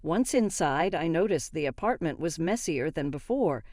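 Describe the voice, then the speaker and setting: A woman narrating a first-person story in a steady, matter-of-fact way. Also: low voice, normal speed, no echo, studio quality.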